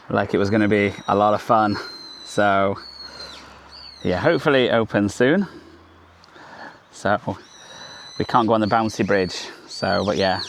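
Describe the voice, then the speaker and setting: A man narrates his walk through a forest for a travel vlog, chatty and meandering, sweaty from the climb. His voice sits slightly low, with a faint hiss of outdoor noise behind him. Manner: rambling, chatty, lots of "so yeah" fillers. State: hot and sweaty from hiking. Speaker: travel vlogger. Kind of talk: casual walking vlog narration.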